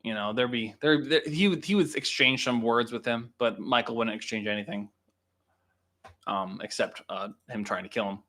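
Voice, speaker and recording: A man's voice: medium pitch, normal speed, bright, forceful tone. A young man hosting a casual livestream, chatting to viewers, laughing often and swearing freely. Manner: laughs often, swears, quotes lines in voices. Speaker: livestream host, filmmaker.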